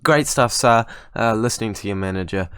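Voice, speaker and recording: A man's voice: on the low side, brisk, fairly bright tone, clean tone, dry recording, clean studio sound. A young man giving chatty, self-mocking commentary over his football management game. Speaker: gaming YouTuber. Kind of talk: casual gameplay commentary.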